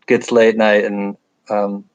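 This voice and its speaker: A man's voice: lowish voice, level tone, takes it slowly, highs cut off. A middle-aged man with a nasal upstate New York accent, hosting a casual livestream chat at home at night, joking and rambling as he reads viewer comments. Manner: rambling, joking, self-deprecating asides. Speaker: livestream host reading chat.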